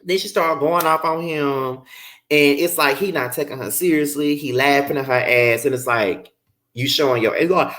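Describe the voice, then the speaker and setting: A man's voice: on the high side, normal speed, fairly bright tone. A man casually reviewing a reality show, exasperated and profane, often incredulous. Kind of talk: casual commentary vlog.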